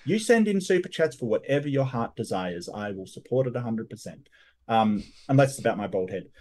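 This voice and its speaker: A man rebutting in a debate, animated and restarting his sentences as he goes. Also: mid-range voice, a little fast.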